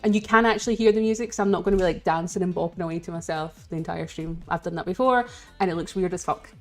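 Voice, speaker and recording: A woman's voice: on the low side, fast talker, faint music behind. A Scottish woman chatting casually with viewers on a live game stream, rambling and giggling as she greets people.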